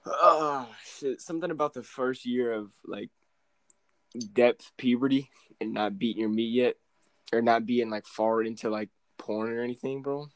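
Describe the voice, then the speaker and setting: A man's voice: medium pitch, moderate pace, no echo, low-quality recording. A young man in casual chat, talking in a laid-back, slangy, profane way.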